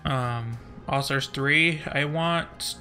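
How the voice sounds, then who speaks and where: A man's voice: medium pitch, very slow, bright, forceful tone, soft background music. A man rambling on a live stream, reading chat and joking about himself with frequent giggles. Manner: giggly, self-deprecating, joking.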